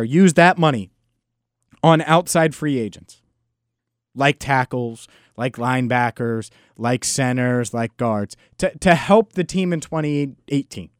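A man's voice: fairly high pitch, no echo, clean studio sound. A man hosting a solo sports podcast, talking in an emphatic, frustrated and sarcastic way. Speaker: podcast host.

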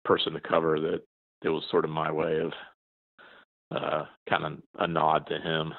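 A man in his forties with a very low, deep voice talks casually as a journalist guest. He rambles, restarting sentences and filling gaps with ums. The sound is dry and thin, like a phone call. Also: completely flat delivery, normal speed, no room sound. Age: 40s. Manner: rambling, many restarts and fillers. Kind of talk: casual interview chat. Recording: tinny phone line, dry.

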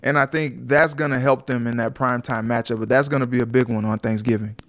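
A man co-hosting a sports talk show in a relaxed, rambling way with lots of fillers. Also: medium pitch, fast. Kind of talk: casual sports chat.

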